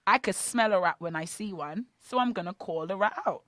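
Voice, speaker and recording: A woman co-hosting a morning radio talk show, chatting about church and faith with animated, questioning emphasis. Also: mid-range voice, fairly quick, no echo. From Bahamas. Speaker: radio co-host. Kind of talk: casual chat about faith. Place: radio studio.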